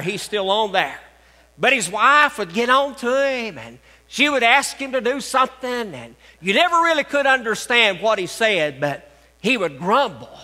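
High bright-voiced older preacher. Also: male voice, in a large hall. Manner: folksy, joking preaching with repeated phrases. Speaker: pastor. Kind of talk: sermon. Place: church sanctuary.

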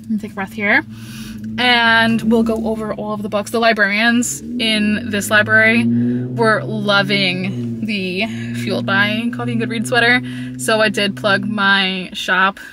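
A woman chatting casually and upbeat about her book haul in a vlog, rambling a little and a bit out of breath, talking from her car. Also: on the high side. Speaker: book vlogger.

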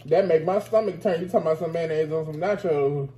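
A man banters and laughs freely while eating on a podcast. His voice sits a touch high with a mellow, soft tone. There is a faint noise floor under the recording. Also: quick pace. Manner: playful, laughs often, teasing. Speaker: podcast co-host. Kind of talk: casual chat during a mukbang.

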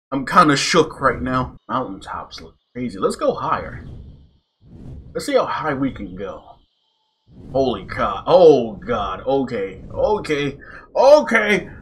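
Panicky high-voiced young gamer yelping. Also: male voice, a little hiss or hum. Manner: yelps and shouts in panic, then mutters nervously. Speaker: gaming YouTuber. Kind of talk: casual gameplay commentary.

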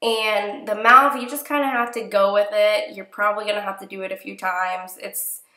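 A young woman with a nasal, congested voice from a cold gives chatty, relaxed step-by-step crafting instructions in a casual voice-over. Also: mid-range voice, normal speed, roomy sound. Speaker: crafting tutorial host.

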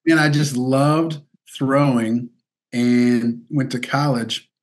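A man's voice: medium pitch, steady tone, takes it slowly. A man from Missouri, chatting as an interview guest, laughing often and peppering his talk with "dude" and "like.". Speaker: guest athlete. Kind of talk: casual interview storytelling.

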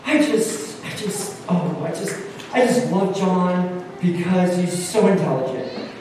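A man's voice: high voice, lively intonation, slow pace, a little mellow, a little hiss or hum. A preacher putting on the voice of a flustered young woman student in love, breathless and faltering. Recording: echoey hall from far off.

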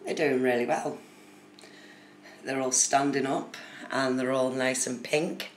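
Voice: medium pitch, fairly even intonation, unhurried. A host chatting casually on a phone live stream, talking to viewers in the chat by name. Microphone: phone camera. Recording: roomy with faint background noise.

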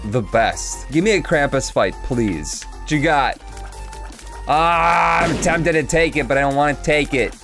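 A man's voice: on the high side, measured pace, vocal fry. A man hosting his own gaming channel, chatting jokily through a let's play. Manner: excitable, jokey, chatty with the game. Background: game music.

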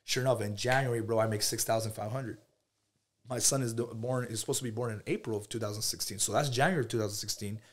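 A man's voice: on the low side, fast talker. A man in his thirties, a podcast guest, telling his story in casual chat, acting out the dialogue and calling everyone "bro". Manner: animated storyteller, acts out dialogue, says "bro" constantly.

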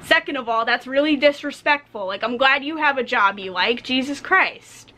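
Young woman, high pitched, blunt profane rant, casual podcast talk. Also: moderate pace. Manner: blunt, profane, animated storytelling. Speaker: podcast co-host.

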